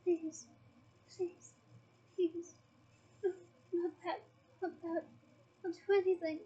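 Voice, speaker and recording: A woman's voice: very high-pitched, little pitch movement, extremely slow, dark tone, muffled recording, full character voice. A woman voicing a tormented elderly male wizard who begs and wails, reading aloud from a book. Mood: begging. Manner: begging, wailing, breaking into sobs.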